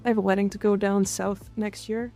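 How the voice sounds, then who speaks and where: A woman's voice: medium pitch, level tone, fairly quick, creaky, mellow, soft background music. A woman from Canada streaming live, chatting casually and frankly with her chat, with some swearing and jokes. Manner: frank, profane, joking. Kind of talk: casual chat reading and answering chat.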